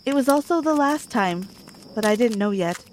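A young woman narrating a first-person story, acting out the quoted lines with a rising pitch. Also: expressive, moderate pace, slight background noise.

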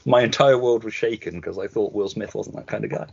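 A man's voice: lowish voice, brisk, vocal fry, a little mellow, husky, muffled recording. A man co-hosting a podcast over a video call, chatting candidly, swearing and laughing through his stories. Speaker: podcast co-host.

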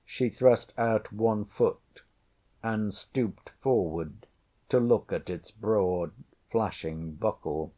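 A male narrator reads a classic tale in a measured, even storytelling manner. His voice sits fairly low with a dark, mellow tone. He takes his time over every phrase. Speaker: audiobook narrator. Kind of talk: scripted narration.

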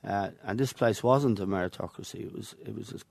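A man's voice: fairly low pitch, a little fast, gravelly, darkish tone, no room sound. An older Irish man, a guest in an interview, telling anecdotes from his football past with chuckles between stories. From Ireland. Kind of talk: reminiscing interview.

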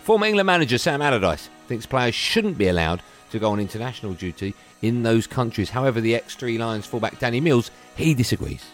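Man, radio sports newsreader, playful, animated delivery, faint background music. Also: medium pitch, fast talker, hardly any pauses. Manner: playful, drifts into silly put-on accents. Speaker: sports news presenter. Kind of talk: jokey radio news bulletin.

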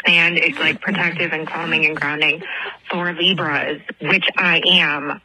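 A woman's voice: sits low, flat delivery, unhurried, pushed and bright, rough recording. Rambling, giggly young woman on a voicemail. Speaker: caller leaving a voicemail. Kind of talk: rambling personal story. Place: outdoors at night by a pond. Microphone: phone voicemail.

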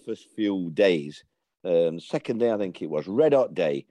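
A middle-aged man recalls old times in a loose, rambling way, often stopping and starting again. His voice sits fairly low. The sound is close and dry, with no room around it. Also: lively intonation, unhurried, warm tone, no room sound, highs cut off. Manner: rambling, stops and restarts. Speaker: interview guest. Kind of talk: casual storytelling.

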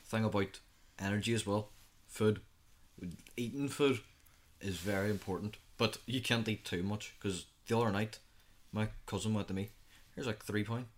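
This is a boy of thirteen with a low voice, co-hosting a youth podcast. He chats casually, tells anecdotes and acts out what he and his friends said. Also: moderate pace. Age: 13, teenager. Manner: chatty storyteller, acts out his own reactions. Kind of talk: casual chat.

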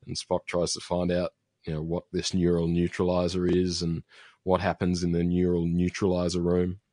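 A man's voice: sits low, completely flat delivery, normal speed, warm tone, dry recording, studio quality. A man casually recapping a TV episode as a podcast host, rambling with fillers and restarts. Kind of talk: casual chat.

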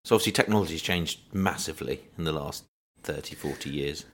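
A man's voice: rumbling low, a little fast, fairly bright tone. A man hosting a podcast, putting short questions to his guest. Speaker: podcast host. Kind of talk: casual interview questions.

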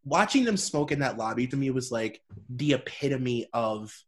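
A man's voice: mid-range voice, lively intonation, normal speed. A man co-hosting a podcast in casual chat, talking emphatically and swearing now and then. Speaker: podcast co-host.

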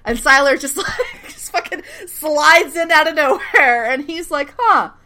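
Bright-voiced woman gabbing on a podcast, laughs a lot, acts out the characters. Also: sits high, a little slow. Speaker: podcast co-host recapping a TV show. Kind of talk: casual chat.

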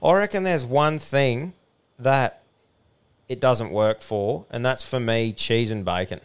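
Sweary laid-back Australian bloke. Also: male voice, mid-range voice, slow pace, clean tone. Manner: blunt, sweary, laid-back yarn-spinning. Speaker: podcast co-host. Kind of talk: casual banter, storytelling.

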